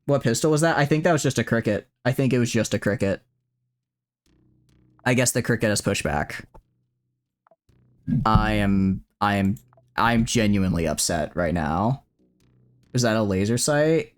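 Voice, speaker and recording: A man's voice: on the low side, normal speed, long pauses, soft background music. A man giving casual live-stream commentary over a video game, rambling through joking asides and swearing a lot when frustrated. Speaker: gaming streamer. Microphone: streaming mic set to cap loud shouts.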